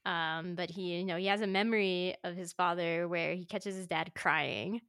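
A woman chatting casually as a co-host, animated and laughing often, acting out characters' lines as she recaps a show. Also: on the low side, normal speed, no room sound, studio quality. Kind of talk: casual chat about an anime.

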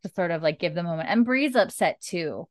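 A woman's voice: fairly low pitch, expressive, a little fast, dry recording, studio quality. A woman casually recapping a TV episode, acting out the characters' lines as she goes. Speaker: podcast co-host recapping a TV episode. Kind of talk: casual chat.

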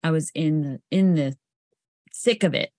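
A woman's voice: deep voice, measured pace, a little mellow, no room sound, studio quality. A woman co-hosting a podcast, telling frank, blunt stories in casual chat. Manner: frank, blunt storyteller who swears. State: sober. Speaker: podcast co-host.

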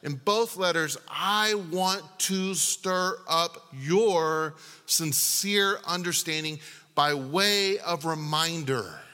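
Forceful preacher in a reverberant hall. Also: male voice, fairly high pitch. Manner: emphatic, with rhetorical questions and swings from loud to hushed. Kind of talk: sermon. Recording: long reverb of a large hall.

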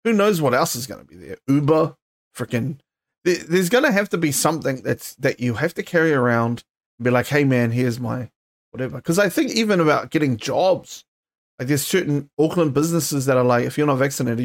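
A man's voice: on the high side, lively intonation, moderate pace. A young man hosting a casual solo podcast, ranting heatedly in slangy, swear-filled talk. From New Zealand. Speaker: podcast host.

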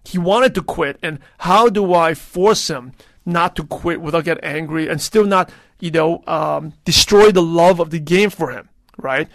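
Guy in his 30s rambling on his podcast, kinda high voice, super dry close sound, lots of um and restarts. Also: a little slow, fairly bright tone, no room sound. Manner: chatty, rambling, with many restarts and fillers. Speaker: podcast host. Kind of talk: casual solo podcast talk.

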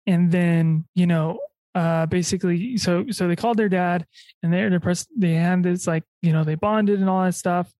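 A young woman hosting a podcast in a casual chat, rambling and halting with many fillers and restarts. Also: fairly low pitch, steady tone, mellow, dry recording. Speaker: podcast host.

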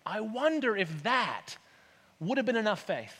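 A man's voice: high-pitched, very animated, unhurried, pushed and bright, breathy edge, in a large hall. A man preaching a sermon as pastor, talking conversationally and asking his listeners rhetorical questions. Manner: conversational, asks rhetorical questions, acts out voices.

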